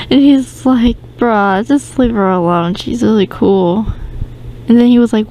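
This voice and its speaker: A woman's voice: mid-range voice, a little slow, a little mellow, slight background noise, low-quality recording. A woman hosting a casual storytime podcast, rambling through the tale with many ums and restarts. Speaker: podcast host.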